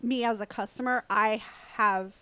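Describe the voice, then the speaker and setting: A woman's voice: fairly high pitch, steady tone, moderate pace, pushed and bright, no echo. Frank woman in radio banter. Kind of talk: casual radio chat.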